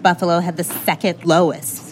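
A woman's voice: fairly low pitch, level tone, moderate pace, a little hiss or hum. A woman from Indiana, a chief economist, answering interview questions in a cafe with emphatic repetition. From Indiana, USA.

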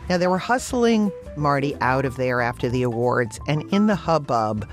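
Animated woman telling a personal story. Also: normal speed, soft background music. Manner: animated, pitch leaps up for emphasis, laughs through lines. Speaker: actor telling an anecdote.

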